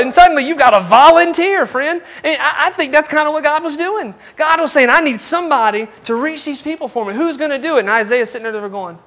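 A man's voice: extremely high pitch, expressive, brisk, few pauses, a bit bright. A man preaching a folksy, conversational sermon full of rhetorical questions.

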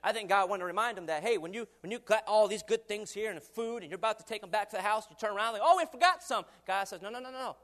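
Young man, preacher, high voice, lively sermon delivery, chuckles between points. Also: very fast, hardly any pauses. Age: 20s. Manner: animated, acts out quoted voices, chuckles often.

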